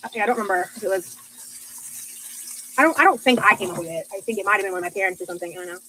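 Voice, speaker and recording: Her mid-range voice is rapid-fire and sharp as she cooks and reads her livestream chat, gushing over comments and filling gaps with fillers. The young adult woman's audio is rough, with a little hiss or hum.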